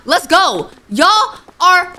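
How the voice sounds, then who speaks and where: A woman's voice: very high voice, sing-song, drawn-out words, sharp tone. A young woman streaming a game, chatting to herself and reading the characters' lines aloud. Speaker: gaming streamer. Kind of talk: playthrough commentary with read-aloud dialogue.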